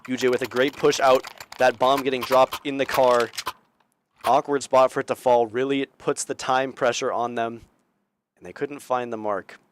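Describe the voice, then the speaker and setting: Young male caster, solo play-by-play, energetic, average pitch, loud game gunfire behind. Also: normal speed, a little hiss or hum. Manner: energetic, voice climbing on big plays. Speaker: esports caster. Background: game sound effects and gunfire.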